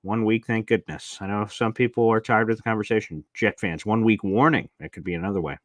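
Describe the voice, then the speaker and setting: A young adult man hosting a casual live-stream chat, reading viewer comments aloud and rambling into animated stories. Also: lowish voice, fairly quick, dry recording, studio quality. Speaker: live show host.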